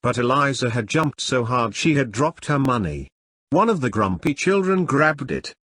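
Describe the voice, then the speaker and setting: A man reading a children's textbook story and word lists aloud, slow and deliberate. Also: medium pitch, sing-song, fairly bright tone, dry recording, clean studio sound. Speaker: textbook reader. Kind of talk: reading a school lesson aloud.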